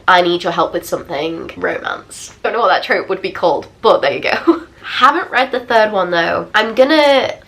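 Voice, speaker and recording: A young woman in her twenties, chatting casually and expressively as she reviews books for her vlog. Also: medium pitch. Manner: chatty, expressive, self-deprecating asides. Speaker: book vlogger. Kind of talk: casual book review chat.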